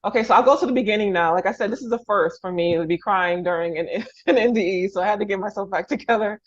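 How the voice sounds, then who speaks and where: A woman's voice: mid-range voice, quick pace. A woman from the Bronx hosts a podcast interview over a video call, gushing and laughing through her tears. Her sentences often restart and trail off. The recording sounds a little dull and lo-fi. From New York, the Bronx. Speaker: podcast host. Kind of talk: emotional interview conversation.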